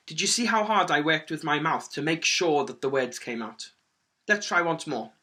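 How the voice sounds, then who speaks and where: A man teaching a singing lesson for children, his voice pitched a little high with a bright, forceful edge. He talks clearly and encouragingly, keeping the energy up as he coaches. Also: sing-song, fairly quick. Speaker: music teacher.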